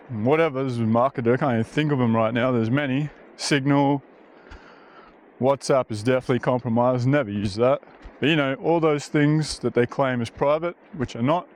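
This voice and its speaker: Blunt rambling man outdoors. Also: medium pitch. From Australia. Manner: blunt, rambling, swears casually. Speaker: vlogger. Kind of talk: casual walking vlog monologue. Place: outdoors on a bush trail.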